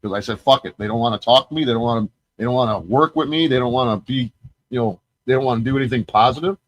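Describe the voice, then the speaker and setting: An agitated male host rattles through a grievance in casual, profanity-laced talk, tripping over restarts as he rushes on. His voice sits in an ordinary middle register. The sound is dry and close, with no room around it. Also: medium pitch, no room sound. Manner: profane, heated, rambling storytelling. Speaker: podcast host. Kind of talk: casual conversation.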